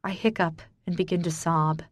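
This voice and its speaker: A woman's voice: lowish voice, flat delivery, moderate pace, no echo. A woman narrating an audiobook in the first person in a subdued, somber tone.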